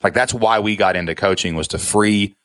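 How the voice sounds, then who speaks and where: A man's voice: fairly low pitch, brisk, fairly bright tone, no echo. A man, a podcast guest telling his story with candid, emotional earnestness and a frequent "man". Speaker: guest, online business founder.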